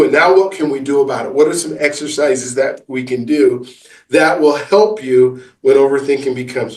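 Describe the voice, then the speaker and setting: A man, an author and business coach, answering interview questions in a halting storytelling way full of fillers and restarts. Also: on the high side, darkish tone, echoey room, distant mic, low-quality recording.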